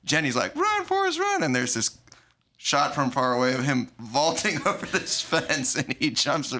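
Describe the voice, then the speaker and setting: Brief: male co-host, bright voice, dry storytelling recap. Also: mid-range voice, normal speed. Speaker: podcast co-host. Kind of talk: casual chat, recapping a film.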